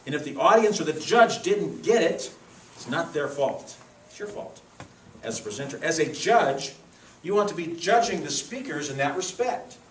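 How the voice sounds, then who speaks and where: A man leading a speech contest judges' training, teaching in a lively, demonstrative way with acted examples in a club meeting room. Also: a little high, moderate pace, slight background noise. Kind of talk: workshop lesson. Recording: echoey room, mic far off.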